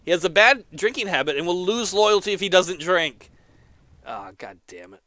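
A man's voice: sits high, sing-song, moderate pace, bright, forceful tone, dry recording. A man casually commenting on a game as he plays, exclaiming often, laughing and reading the game's text aloud. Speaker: let's player.

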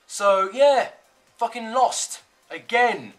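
A man commentating his own online football game, ranting and swearing heavily, swinging between shouts and low muttering. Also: animated, takes it slowly, faint music behind. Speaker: gaming channel host. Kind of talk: live gameplay commentary.

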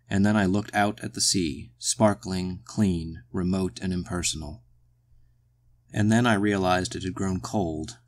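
A man reading a short story aloud in the first person, measured and brooding. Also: deep voice. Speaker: audiobook narrator.

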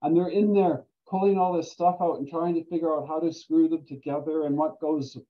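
An older man telling stories in casual talk as a guest speaker, animated and quick to laugh. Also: a little high. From Canada. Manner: animated storyteller who laughs often. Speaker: guest speaker, volunteer standardized patient. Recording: dull lo-fi recording.

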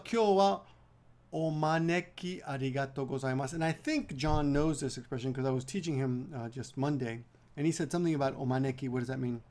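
A man teaching a relaxed video lesson from home. He talks in a chatty way, drills each phrase slowly and often restarts mid-sentence. His voice sits a bit on the high side. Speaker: language teacher.

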